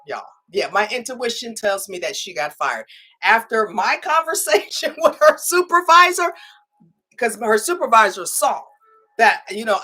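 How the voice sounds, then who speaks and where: A woman's voice, pitched a little high and a touch husky, tells a story to her viewers. She talks casually and emphatically, acting out her own comebacks and driving each point home with a repeated "okay?". Her pitch jumps up and down as she speaks. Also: sharp tone. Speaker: spiritual tarot reader.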